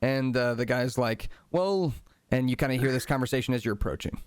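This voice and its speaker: A man's voice: medium pitch, level tone, fast talker, clean tone, no room sound. A man narrating a tabletop game as game master, in an easygoing, descriptive way.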